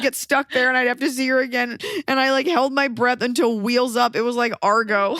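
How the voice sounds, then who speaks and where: A woman's voice: on the high side, little pitch movement, fairly quick, a bit bright, no echo, clean studio sound. A young adult woman hosting a podcast, telling a story in casual chat and acting out the people she quotes. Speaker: podcast host.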